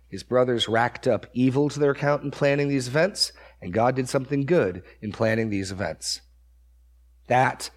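A pastor delivers a verse-by-verse sermon with a husky, slightly breathy voice. He leans hard on key words, repeats phrases to drive them home, and turns to the congregation with questions. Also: mid-range voice. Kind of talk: expository sermon.

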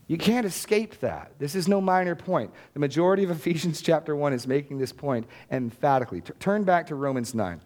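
A man preaching a sermon, reading scripture aloud with deliberate emphasis and putting questions to the congregation in a plain conversational way. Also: medium pitch, animated, a little mellow. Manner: plain conversational delivery with restarts. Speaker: pastor.

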